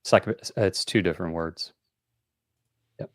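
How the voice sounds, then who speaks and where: A man's voice: deep voice, normal speed, no echo, studio quality. A man hosting a board game call-in show, explaining rules in a rambling, casual way with many fillers.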